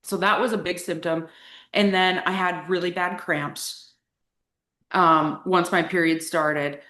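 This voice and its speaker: A woman's voice: on the low side, steady tone, slow pace, sharp tone. Candid young woman in an echoey room. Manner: candid, chatty, frequent "like" fillers. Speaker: coaching client sharing her story. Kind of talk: casual interview talk.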